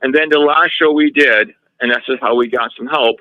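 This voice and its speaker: A man of ordinary pitch tells a story as an interview guest, in a lively way with many restarts and retold lines of dialogue. The sound is dry and a little dull, like lo-fi audio. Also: moderate pace, no echo. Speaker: guest recounting a haunting in his home.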